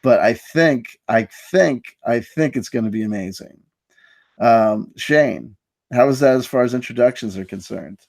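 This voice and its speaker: A man's voice: mid-range voice, unhurried, vocal fry, a little mellow, no echo. A man hosting a live online stream, telling a story in a mock-grandiose, self-mocking way. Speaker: host. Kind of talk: casual live-stream chat.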